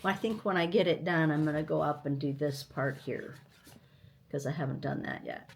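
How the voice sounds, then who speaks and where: An older woman hosting a stitching vlog from home, chatting in a rambling, unhurried way while tired and recovering from illness. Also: sits low, steady tone, creaky, noisy background. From United States. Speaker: stitching channel host. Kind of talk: casual vlog chat.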